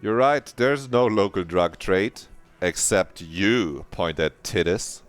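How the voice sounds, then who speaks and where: A man's voice: low-pitched, slow, faint music behind. A man streaming a video game, chatting playfully in a rambling, mock-dramatic way and swearing now and then. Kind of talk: casual live-stream commentary.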